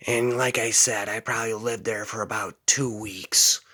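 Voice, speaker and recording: A man's voice: lowish voice, fairly even intonation, moderate pace, bright, forceful tone. A man telling a rambling personal story casually, dropping "man" between phrases. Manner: rambling, drawls, fillers like "man".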